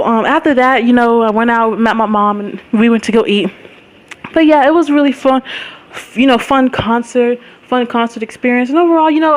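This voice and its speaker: A young woman vlogger with a slightly high voice tells a story in a chatty, meandering way, full of fillers and frequent laughter. It's a casual storytelling vlog, and the recording quality is low.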